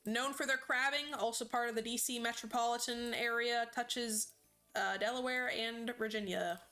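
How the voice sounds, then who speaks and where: A woman's voice: fairly high pitch, steady tone, normal speed, sharp tone, faint music behind. A woman streamer chatting casually as she plays, rambling and hesitant with many ums.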